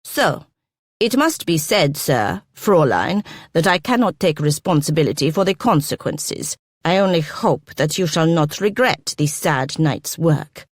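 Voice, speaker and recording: A woman putting on a pompous German doctor in a storybook reading, officious and petulant, speaking slowly and haughtily. The voice sits a little low and dry. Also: expressive, dry recording. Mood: affronted.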